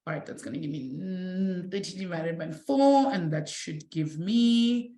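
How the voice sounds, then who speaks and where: A woman from South Africa teaching a live online maths lesson, encouraging her students warmly and calling them affectionate names. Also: fairly low pitch, lively intonation, moderate pace, reverberant. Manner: warm, encouraging, calls students "my sweetie".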